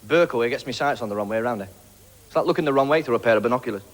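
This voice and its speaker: A man from Blackpool with a Lancashire accent, doing a stand-up comedy routine of quick, punchy one-liners. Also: mid-range voice. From Blackpool, England.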